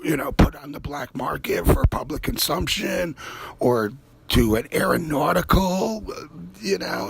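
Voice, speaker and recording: A man's voice: a little high, creaky, fairly bright tone, slightly rough. A man hosting a show, rambling through a profane, conspiratorial comedic monologue. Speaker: host.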